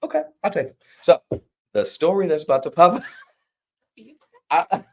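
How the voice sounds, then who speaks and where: A man's voice: a little high, big pitch swings, normal speed, a little mellow, a little hiss or hum. A man hosting a casual livestream, rambling and correcting himself as he talks. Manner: rambling, self-correcting, laughs often. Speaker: comic publisher host.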